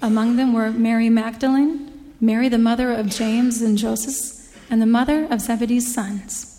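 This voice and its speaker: Woman reading scripture out loud, calm and formal, kinda high voice, big reverby church. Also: normal speed. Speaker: scripture reader.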